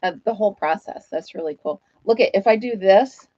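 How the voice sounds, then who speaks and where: Chatty woman host, casual live-stream chat, mid-pitched and self-deprecating, slightly dull lo-fi sound, dry. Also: fairly quick, dry recording.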